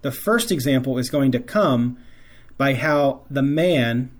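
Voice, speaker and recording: A man's voice: medium pitch, slow. A man hosting a Catholic show, talking earnestly to fathers in a preaching style and repeating phrases for emphasis. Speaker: host of a Catholic faith show.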